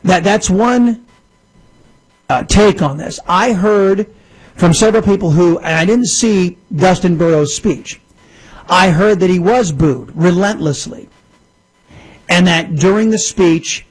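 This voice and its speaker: Husky high-voiced man ranting. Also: poor audio. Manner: emphatic, repeats phrases, addresses folks. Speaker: political commentary host. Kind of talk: casual political commentary.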